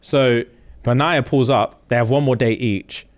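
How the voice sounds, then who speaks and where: Animated man retelling a story. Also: medium pitch, a little slow. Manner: animated storyteller acting out quotes. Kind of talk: casual chat retelling a reality show.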